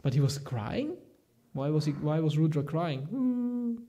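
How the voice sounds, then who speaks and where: Man reading scripture, high voice. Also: dark tone. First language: German. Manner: halting, thinks aloud, searches for words. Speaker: scripture class teacher. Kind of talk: reading scripture aloud with commentary.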